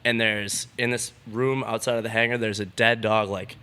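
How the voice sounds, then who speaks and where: Bright-voiced young man telling a wild story. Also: on the low side, little pitch movement, moderate pace, clear, resonant tone. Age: young adult. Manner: laid-back, swears freely, lots of "like". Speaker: BMX rider, podcast guest. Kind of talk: casual storytelling.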